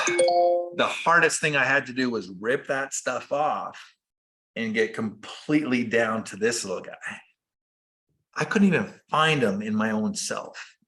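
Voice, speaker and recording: A man telling personal stories as a guest in a casual conversation, earnest and animated. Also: medium pitch. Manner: earnest, animated, acts out quoted dialogue. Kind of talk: conversational storytelling.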